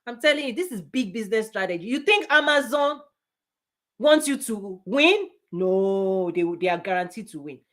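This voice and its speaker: A woman business coach giving a forceful motivational talk, repeating punchy phrases and laughing often. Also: medium pitch, lively intonation, normal speed.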